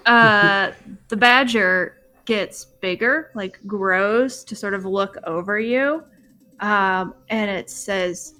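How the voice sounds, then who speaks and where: A woman's voice: medium pitch, slow pace, soft background music. Woman running a tabletop game, laid back, lots of ums. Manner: relaxed, many ums. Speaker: game master.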